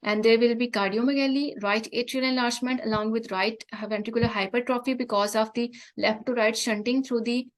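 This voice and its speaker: A woman giving an online medical lecture, speaking haltingly with frequent fillers and restarts. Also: on the high side, steady tone, poor audio. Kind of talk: online exam-prep lecture.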